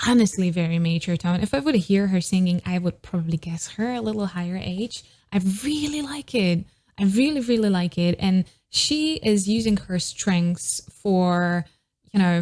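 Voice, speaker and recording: A woman's voice: medium pitch, darkish tone. A woman vocal coach giving reaction commentary on a singer, admiring and analytical, with technical vocal terms.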